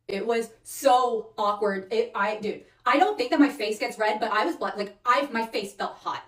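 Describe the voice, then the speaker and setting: Woman, chatty storyteller, slightly high voice, roomy echo with the mic some distance away. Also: moderate pace, few pauses. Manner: animated, chatty, asks "all right?" and "okay?" as she goes. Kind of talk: storytime vlog.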